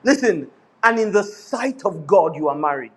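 A middle-aged Nigerian pastor delivers an animated sermon in a fairly high-pitched voice, his Nigerian accent strong. He drifts into pidgin phrases and laughs often between points. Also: normal speed.

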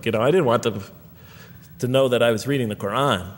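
A man's voice: medium pitch, fast talker. A man lecturing in a reverberant hall. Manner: earnest, rhetorical, counting off points. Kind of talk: public lecture.

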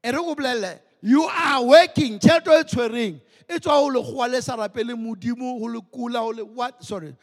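A male pastor delivers an emphatic sermon in a very high voice, mixing Sesotho and English. He drives each point home with strong emphasis. His voice hangs in the long reverb of a church hall. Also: brisk, few pauses.

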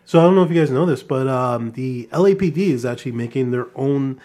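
A man hosting a podcast in casual chat, agreeable and chiming in with quick affirmations. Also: mid-range voice, warm tone. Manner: agreeable, chimes in with short affirmations. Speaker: podcast host.

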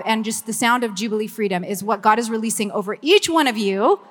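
A woman's voice: on the high side, fast talker, few pauses. A woman in her fifties with a Southern Californian Valley Girl accent, talking chattily and effusively to a church gathering and then praying. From Los Angeles, USA. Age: 50s. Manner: bubbly, effusive, chatty with frequent "like". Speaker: ministry communications director. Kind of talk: church meeting talk and prayer. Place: church meeting room. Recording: long reverb of a hall.

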